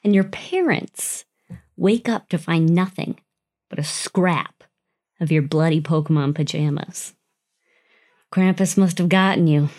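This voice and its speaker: A woman's voice: low voice, measured pace, pauses often, darkish tone. A young adult woman hosting a casual podcast, telling a spooky story in the second person with playful drama and the odd swear. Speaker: podcast host.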